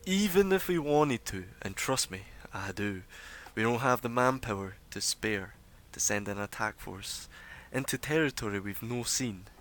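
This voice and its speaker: A man's voice: on the low side, lively intonation, moderate pace, hardly any pauses, a bit bright. A man voicing a proud, impatient male gnome noble addressing a crowd. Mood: stern.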